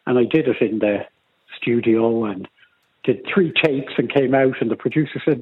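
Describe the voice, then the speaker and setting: A man's voice: medium pitch, moderate pace, slightly rough. An Irish man calling in to a radio show, telling stories in a chatty way. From Ireland. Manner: chatty storytelling. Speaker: radio caller. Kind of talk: casual phone-in chat. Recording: tinny phone line.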